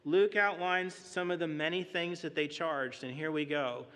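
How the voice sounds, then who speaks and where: High-voiced man teaching in a church. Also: fairly even intonation, a bit bright, clear, resonant tone. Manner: measured, explanatory, with rhetorical questions. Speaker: preacher teaching a Bible class. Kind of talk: Bible class teaching. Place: church auditorium. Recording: long hall reverb.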